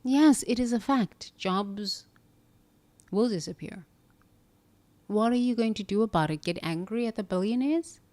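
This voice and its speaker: A woman's voice: mid-range voice, unhurried, pauses often, darkish tone. A woman giving an earnest, reflective motivational monologue, coaching the listener and answering her own questions. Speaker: self-help speaker.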